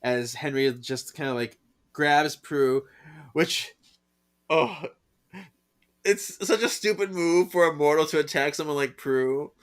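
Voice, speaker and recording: A man's voice: on the high side, takes it slowly, pauses often. A man co-hosting a podcast, casually retelling a comic issue and acting out the characters' lines in raised voices, laughing often. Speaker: podcast co-host.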